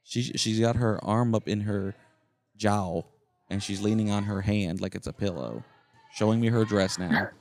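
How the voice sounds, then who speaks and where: Deep voiced guy rambling on a podcast from camp, chatty, narrating whats around him. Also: moderate pace, darkish tone. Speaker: podcast co-host. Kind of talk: casual chat. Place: campground, indoors in a noisy shared space.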